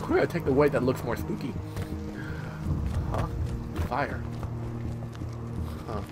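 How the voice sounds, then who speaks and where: Excitable swearing man playing a game. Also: mid-range voice, slow pace. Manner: excitable, swears often, animated outbursts. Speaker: gameplay commentator. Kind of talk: casual let's-play commentary. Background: game music.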